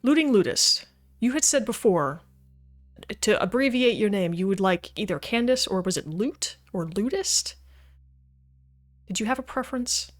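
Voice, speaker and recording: A woman plays a video game on stream, speaking in an animated mid-range voice at normal speed and pausing often, with soft background music. She talks casually to chat as she plays and laughs a lot.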